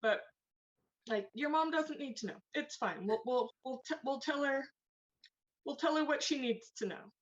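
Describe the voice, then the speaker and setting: A woman voicing a young male tiefling who coaxes and reassures in a soft, soothing way. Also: high-pitched, normal speed, muffled recording, pitched above the performer's own voice, close to an everyday voice. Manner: coaxing, reassuring, sidestepping the truth.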